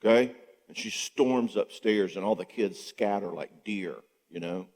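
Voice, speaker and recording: A man's voice: fairly low pitch, unhurried. A man speaking as a counselor at a church marriage conference. His talk is casual and conversational, and he keeps checking in with the audience with "okay?" and "all right?". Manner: acts out quoted people in lively voices. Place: church sanctuary before an audience. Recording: long reverb of a large church hall.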